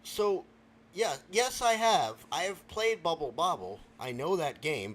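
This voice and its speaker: Tipsy male host: incredulous, exasperated and stammering, with a high, lively voice. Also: unhurried. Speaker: podcast host. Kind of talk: late-night comedic rant with character voices.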